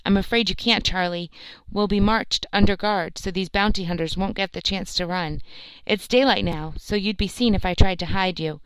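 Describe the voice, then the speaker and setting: A woman narrator voicing a kind, melancholy male soldier who speaks gently. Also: mid-range voice, moderate pace, clean tone, no room sound, close to an everyday voice, poor audio. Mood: gentle. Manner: gentle, reassuring.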